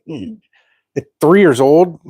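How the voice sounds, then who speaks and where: A man's voice: on the high side, lively intonation, slow, creaky, darkish tone, slightly rough, dry recording. A man co-hosting a podcast, making short wisecracking jabs in casual chat.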